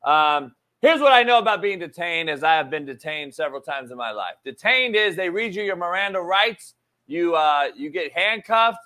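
A male sports talk host speaks with a slightly higher-than-usual voice, live on his show. He delivers the news in an animated, emphatic rush, drops casual swear words and repeats his key points to drive them home. His tone is loose, off-the-cuff commentary rather than scripted reading. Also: normal speed.

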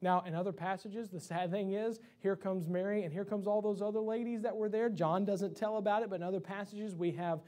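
Young pastor with a high voice, passionate sermon delivery, restarts often. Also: male voice, steady tone, a little fast, hardly any pauses, a little mellow. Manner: impassioned preaching with many restarts. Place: church sanctuary.

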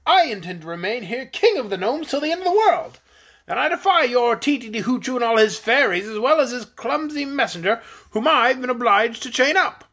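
A man's voice: extremely high pitch, expressive, brisk, pitched above the performer's own voice, exaggerated voice. A man voicing a cowardly old gnome king from a storybook, blustering and defiant. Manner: shouting, defiant swagger.

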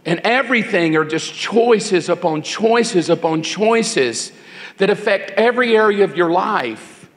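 High-voiced preacher in a reverberant hall. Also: male voice. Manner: quick, animated preaching with mimicked voices of teens. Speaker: guest speaker at a youth conference. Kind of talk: sermon. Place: church sanctuary. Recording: long reverb of a church hall.

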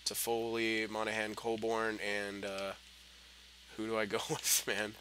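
Young male gameplay commentator, bright tense voice, swears and swings from mutters to shouts, faint hum behind. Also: lowish voice, monotone, a little slow. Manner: frustrated, swearing, muttering then yelling at the game. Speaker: gaming commentator.

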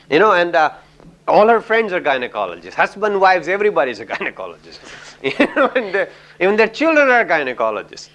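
A man's voice: a little high, a bit bright. Chatty middle-aged man from India. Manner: chatty, frequent "you know", laughs at own stories. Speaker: communication trainer and lecturer. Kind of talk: lecture with anecdotes.

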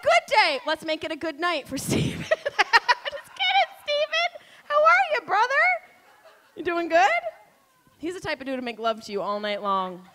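A woman's voice: high-pitched, fairly bright tone, a little hiss or hum. A woman doing a brash, profane stand-up set, bantering with the crowd from a comedy club stage.

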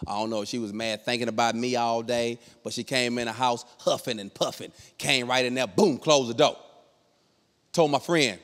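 This middle-aged man is doing storytelling stand-up, animated as he voices the characters in his comic tale. His pitch is medium, his pace moderate, and the sound trails off in a long reverb tail.

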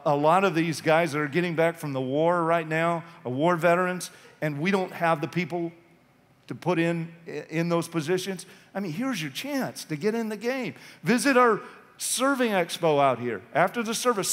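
A man's voice: sits high, a bit bright. A male pastor preaching an impassioned, urgent sermon in a church sanctuary. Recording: long reverb of a church hall.

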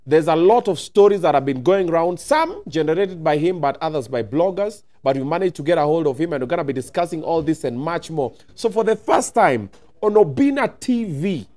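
A man's voice: on the high side, expressive, brisk, mellow. A man hosting a casual talk show interview, playful and teasing, switching between English and Swahili. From Nigeria.

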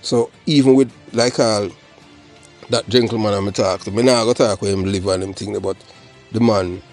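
A man's voice: on the low side, fairly even intonation, normal speed, a little mellow, soft background music. A Jamaican man hosting his own channel, delivering a rambling, emphatic solo commentary that mixes patois with English. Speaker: channel host.

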